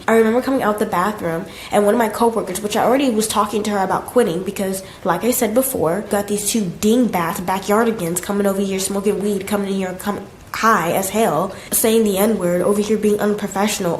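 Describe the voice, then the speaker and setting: A woman in her twenties tells a storytime story in a chatty, emphatic way, at a middle pitch for a woman. The room sounds echoey, and faint background noise sits under her voice. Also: a little fast. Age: 20s. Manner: chatty, emphatic, lots of "like" fillers. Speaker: vlogger. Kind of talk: casual storytime vlog.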